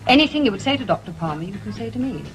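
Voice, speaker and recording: An actress playing a brisk woman doctor. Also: mid-range voice, animated, soft background music, close to an everyday voice, poor audio. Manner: brisk, businesslike.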